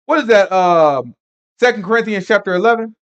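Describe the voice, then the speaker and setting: The highs are cut off in this clip of a man leading a Sabbath Bible lesson at a fairly quick pace. His voice is high-pitched, and he's animated and rambling, laughing a lot and throwing in emphatic asides.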